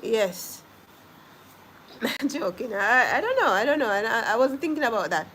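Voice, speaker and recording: A woman's voice: fairly high pitch, sing-song, moderate pace, fairly bright tone, slight background noise. Chatty Jamaican woman on a live stream. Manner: chatty, laughs often, answers viewers' comments. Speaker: vlogger reading live comments. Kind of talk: casual live-stream chat.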